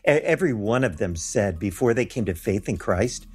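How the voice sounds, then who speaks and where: A man with a lowish, brisk, slightly mellow voice, appearing as a guest. He earnestly tells personal stories from his mission trips, animating them by acting out the voices of the people he quotes.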